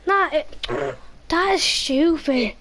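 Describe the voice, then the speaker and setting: A woman's voice: very high voice, takes it slowly, a loud crowd. A woman in casual voice chat during an online game, complaining about problems with the game. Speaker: gamer.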